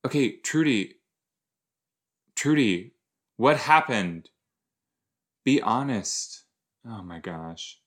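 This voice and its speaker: A man hosting a podcast, reacting to a TV episode in casual watch-along chat, switching between loud outbursts and quiet muttering. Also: medium pitch, lively intonation. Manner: chatty, exclaims loudly then mumbles; talks to himself, quick jumps between soft and loud.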